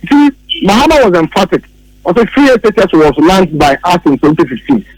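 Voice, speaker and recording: Ghanaian guy ranting politics on radio, high voice, dry close mic, keeps repeating himself. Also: fairly quick, no echo, rough recording. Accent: Ghanaian English. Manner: emphatic, repeats key phrases, mocks opponents. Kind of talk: heated political commentary.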